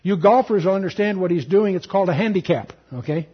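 A man's voice: high voice, lively intonation, fast talker, slightly rough, dull audio. A man teaching a sermon, reading scripture aloud with dramatic emphasis and breaking in with casual asides. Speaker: Bible teacher.

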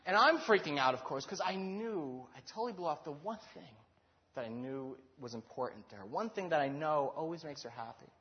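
A man preaching in a storytelling sermon, animated and acting out the voices in his story. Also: on the high side, brisk. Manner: animated, acts out quoted dialogue. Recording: dull lo-fi recording.

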